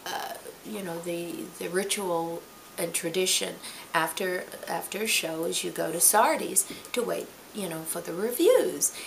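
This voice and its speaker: Bright-voiced older actress telling stories. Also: female voice, lowish voice, vocal fry, a little hiss or hum. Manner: animated, acts out quotes. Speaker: stage actress. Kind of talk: anecdotal storytelling.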